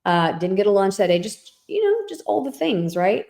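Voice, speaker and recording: A woman's voice: medium pitch, very animated, normal speed, gravelly, a little mellow. A woman in her thirties, co-hosting a podcast, who tells personal stories in a candid, emotional way, with many fillers and restarts. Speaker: podcast co-host. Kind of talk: casual chat.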